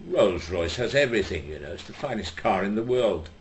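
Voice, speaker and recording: A man's voice: lowish voice, very animated, a little fast, slight background noise. A man voicing a snooty, wealthy car owner in a joke, haughty and clipped.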